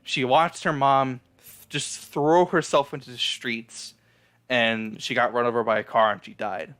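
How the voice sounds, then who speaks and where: A man's voice: mid-range voice, steady tone, measured pace, fairly bright tone. A man casually recapping an anime episode, rambling and swearing, with lots of fillers and restarts. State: feeling down and apologetic. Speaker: anime reviewer.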